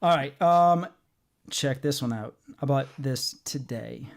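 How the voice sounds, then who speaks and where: A man hosts a casual comics podcast, making his points firmly and at length with plenty of ums and uhs. His mid-range voice is creaky and slow-paced, and his manner is assertive.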